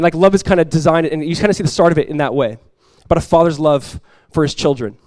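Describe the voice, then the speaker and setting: A man preaching a sermon as pastor, conversational and lively, telling stories and acting out quoted voices. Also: on the high side, no echo.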